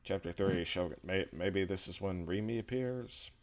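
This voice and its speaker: A man's voice: deep voice, normal speed. A man hosting a let's play, reading visual novel text aloud with casual, offhand asides. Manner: casual, offhand asides between read lines.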